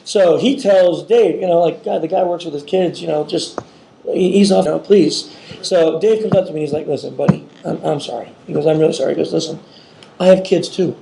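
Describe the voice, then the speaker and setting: High-voiced man telling a story live. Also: fairly quick, vocal fry, slight background noise. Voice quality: animated, laughing storyteller. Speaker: podcast host. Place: convention room with audience. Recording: echoey room with crowd.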